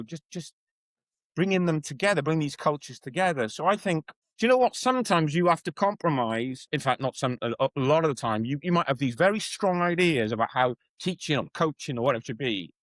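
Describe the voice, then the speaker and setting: A Welsh educator appears as a guest on a podcast, telling stories in a conversational interview and acting out the voices of the people he quotes. His voice is fairly high, with no echo and poor audio.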